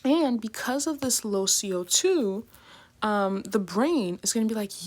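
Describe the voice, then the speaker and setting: A woman's voice: medium pitch, expressive, unhurried. A woman teaching a casual lecture, chatty and full of fillers, often checking in with "right?". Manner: chatty, filler-heavy, keeps asking "right?"; acts out patients in slangy voices. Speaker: nursing lecturer.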